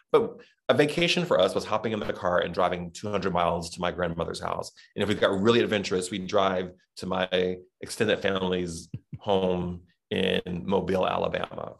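In a casual interview chat, a Southern podcast guest from Texas, middle-aged, muses aloud and keeps doubling back, full of fillers and restarts. He talks a little fast with few pauses, his voice very deep and raspy, his manner relaxed and reflective.

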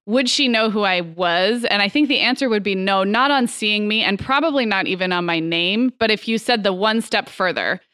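A woman's voice: mid-range voice, moderate pace, hardly any pauses, pushed and bright, smooth, dry recording. Woman in her 30s chatting on a podcast, laughs a lot, dry close sound. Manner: chatty, laughs often, trails off and restarts. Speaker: podcast co-host. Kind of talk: casual chat.

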